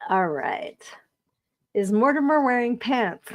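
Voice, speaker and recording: Hosting a live podcast stream, a giggly, talkative woman reads out viewer comments in a relaxed way, keeping the conversation friendly and loose. Her slightly high, expressive voice moves slowly, and the recording's highs are cut off.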